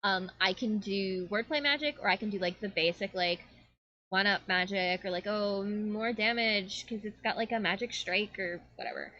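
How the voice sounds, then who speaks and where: A woman's voice: medium pitch, moderate pace, lo-fi sound, a little hiss or hum, lightly acted. Woman doing a bubbly ditzy young fairy. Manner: bubbly, rambling, valley-girl fillers.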